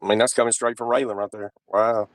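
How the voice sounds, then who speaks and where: Crude loud-mouthed man. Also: fairly low pitch, level tone, fast talker, no room sound, clean studio sound. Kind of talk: casual livestream chat.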